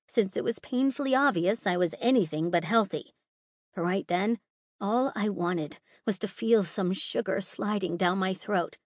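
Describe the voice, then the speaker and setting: A woman's voice: mid-range voice, unhurried, dry recording. A young adult woman reading first-person narration in a wry, sardonic tone on a close studio mic. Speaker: audiobook narrator.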